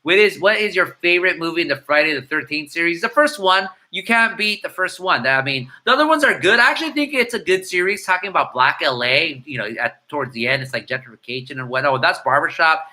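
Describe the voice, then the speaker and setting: A middle-aged man from chats through viewer comments in quick, irreverent bursts, flipping between Spanish and English. His voice sits a little high for a man and rings very bright and forward. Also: animated. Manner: irreverent, rapid-fire banter mixing Spanish and English, breaks into singing. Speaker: host answering viewer comments. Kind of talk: casual live-stream chat.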